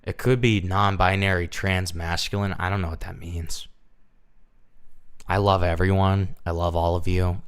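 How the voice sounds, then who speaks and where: A man with a fairly low voice rants on a livestream, a little tipsy. He talks bluntly and defensively and swears often. Now and then his rant bursts into loud outbursts. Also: level tone, moderate pace, smooth.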